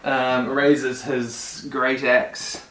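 A man running a tabletop game as game master, narrating slowly with many pauses and ums. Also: medium pitch, flat delivery, fairly bright tone. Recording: echoey room with faint noise.

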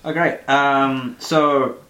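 A man playing a tabletop game, lively and laughing as he describes his character's actions. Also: medium pitch, extremely slow. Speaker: player. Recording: echoey room with faint noise.

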